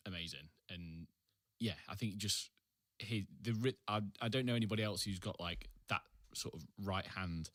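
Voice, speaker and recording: A man's voice: low voice, normal speed, few pauses, fairly bright tone, no room sound. A man, a podcast guest, chatting casually in a laid-back way, trailing off and laughing often. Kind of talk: casual chat.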